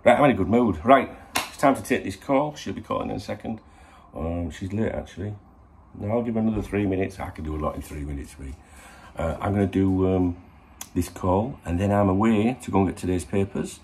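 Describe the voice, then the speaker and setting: A man's voice: low voice, a little fast, darkish tone, a little hiss or hum. A middle-aged man, hosting a casual morning vlog to camera in a rambling, sweary, chatty way. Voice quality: gravelly. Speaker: football channel host.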